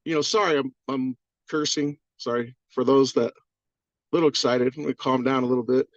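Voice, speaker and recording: A man's voice: medium pitch, fairly even intonation, fairly quick, no echo, dull audio. A man on a community video call, giving a rambling, profane, fired-up testimonial. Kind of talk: excited testimonial on a group call.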